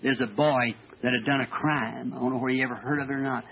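A man preaching a fervent sermon testimony, halting and stammering as he tells his story. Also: medium pitch, steady tone, vocal fry, breathy edge. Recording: old tinny archival tape.

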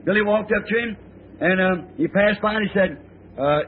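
A middle-aged male preacher in a sermon, telling folksy stories in a rambling, drawn-out way. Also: high voice, slight background noise. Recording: tinny, lo-fi old sermon tape.

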